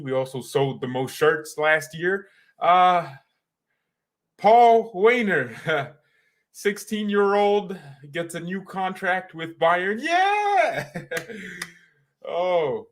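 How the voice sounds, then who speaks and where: An excitable man hosts his fan vlog with a fairly high voice. He rambles and laughs between thoughts, swinging from gushing to dismissive. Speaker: fan channel host.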